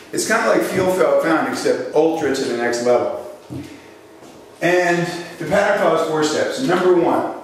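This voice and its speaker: A man with a slightly high voice teaches a live sales seminar as a sales trainer, telling animated stories, acting out voices, and asking the audience questions. He's miked from a distance in an echoey hall, with slight background noise.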